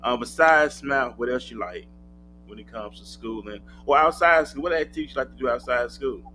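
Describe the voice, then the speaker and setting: A man's voice: mid-range voice, expressive, a little fast, bright, forceful tone, poor audio. Male talk show host over music. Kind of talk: casual interview chat. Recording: music playing behind the voice.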